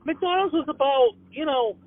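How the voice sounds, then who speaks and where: Man, Boston accent, very high voice, stammering exasperated rant, tinny phone line. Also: expressive, normal speed, no echo. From Boston area. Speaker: comedian guest. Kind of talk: ranting comic monologue on a call.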